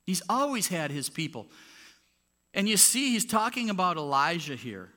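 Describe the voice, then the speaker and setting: Very animated and forceful, a pastor with a high, bright voice preaches at a moderate pace in the sanctuary. He keeps things conversational but hits his points emphatically, and his handheld or clip mic pops.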